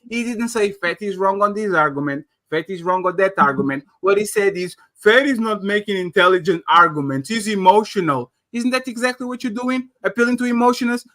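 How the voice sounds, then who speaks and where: A man runs a heated podcast debate, mocking and talking over the others. His voice sits high for a man and has a sharp, bright edge.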